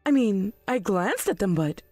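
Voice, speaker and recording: A woman's voice: sing-song, a little slow, mellow, no room sound, faint music behind. A woman playing an indignant, self-righteous mother. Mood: defensive. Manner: dramatic, sweeping pitch swings. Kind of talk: text-message drama voice acting.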